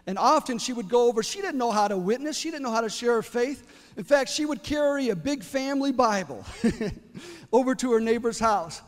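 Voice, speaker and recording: A male preacher telling a story in a sermon, building to loud exclamations. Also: very high voice, lively intonation, moderate pace, long reverb tail.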